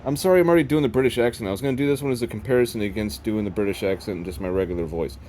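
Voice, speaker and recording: A man's voice: fairly low pitch, very fast, warm tone, slight background noise. A man with a Midwest American accent talking casually to his viewers, rambling from one joking aside to the next. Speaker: video host. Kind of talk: casual vlog commentary.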